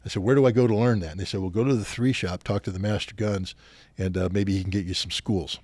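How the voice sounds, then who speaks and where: Older man telling lively war stories. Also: lowish voice, fast, no room sound. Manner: animated anecdotes, acting out quoted officers. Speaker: podcast guest. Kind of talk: storytelling in a podcast interview.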